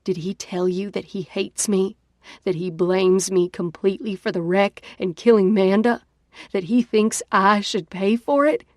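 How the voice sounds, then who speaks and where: A woman voicing an angry, bitter young woman who accuses and shouts in an audiobook. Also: mid-range voice, steady tone, a little slow, no echo, clean studio sound, lightly acted.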